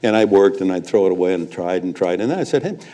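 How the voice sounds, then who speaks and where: An older man, a veteran sportscaster, telling anecdotes on stage as a lively raconteur. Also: deep voice, quick pace. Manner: lively raconteur, chuckles between punchlines. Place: live event before an audience.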